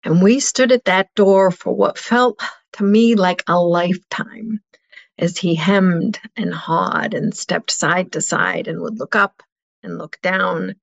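Slow, earnest middle-aged woman, muffled sound. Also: on the low side, fairly even intonation, vocal fry. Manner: earnest, heartfelt, slow storytelling. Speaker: guest. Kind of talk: personal storytelling interview.

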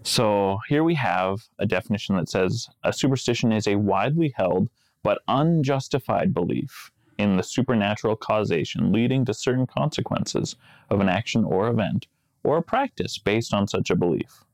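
Low-voiced joking male podcast host. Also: animated, moderate pace, a little mellow, no room sound. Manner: wry, joking, laughs often. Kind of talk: casual podcast chat.

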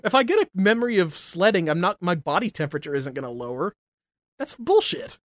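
A young man in casual podcast chat, laughing and swearing as he rants. His voice sits a bit high, recorded close and dry with no room sound. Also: fast, no echo. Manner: animated ranting, heavy swearing, laughs often. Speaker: podcast co-host.

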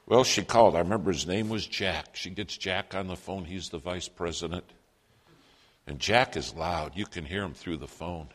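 A man's voice: sits low, moderate pace, big-room sound. A man preaching a sermon, telling a personal story and quoting others in his own plain voice.

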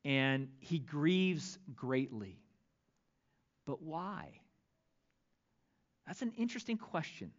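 A male pastor preaching a sermon, reading scripture aloud with dramatic, expressive delivery. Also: fairly high pitch, unhurried, few pauses, lo-fi sound.

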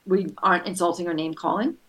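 A woman's voice: lowish voice, fairly even intonation, fast talker, fairly bright tone. A woman coaching a parent on running family meetings, patiently explaining steps and acting out short scenes. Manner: patient, acts out kids' voices in quotes. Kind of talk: advice session.

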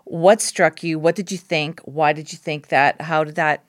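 A woman's voice: low voice, steady tone, normal speed, no echo. A woman co-hosting a casual ministry discussion, speaking candidly with anecdotes. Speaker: podcast co-host.

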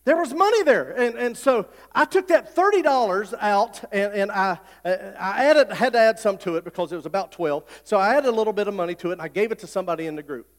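High-voiced preacher in an echoing church. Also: male voice, lively intonation, a little fast, hardly any pauses. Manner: folksy, repetitive, builds to loud preaching. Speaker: pastor. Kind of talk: sermon. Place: church sanctuary. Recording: long hall reverb.

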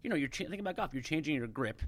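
A man's voice: fairly high pitch, animated, very fast. A man co-hosting a podcast in casual studio chat, analytical and talking things through at length. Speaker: podcast co-host.

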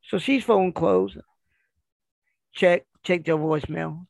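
A middle-aged man, a retired performer, telling stories in a casual, animated way and acting out other people's voices. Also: fairly high pitch, slow, creaky, long pauses, no echo.

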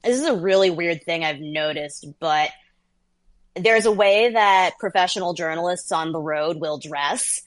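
A woman in her thirties, a journalist guest, telling stories in a lively, casual interview chat. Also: fairly low pitch, a little slow. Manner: lively storyteller, laughs between phrases.

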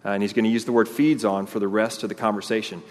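A man's voice: on the low side, fast. Preaching man, in a reverberant hall. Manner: animated preaching, acting out voices of the crowd. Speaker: pastor. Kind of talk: sermon.

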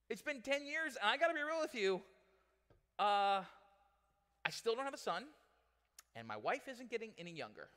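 A man's voice: high voice, pushed and bright, voice pushed up, exaggerated voice. A man voicing a worried old man who pleads bluntly with God, asking what happened to his promise. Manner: blunt, exasperated, casual. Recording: long reverb in a large hall.

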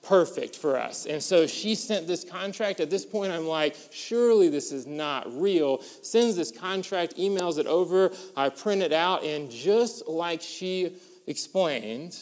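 A pastor preaching a sermon and telling a lively personal story, getting animated as it builds. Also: male voice, fairly high pitch, measured pace. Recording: long hall reverb.

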